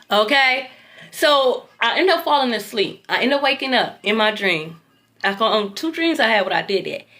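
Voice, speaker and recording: Animated, bright-voiced woman telling a story. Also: on the high side. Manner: animated, talks straight to viewers, swears freely. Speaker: tarot reader recounting a dream. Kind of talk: casual storytelling to viewers.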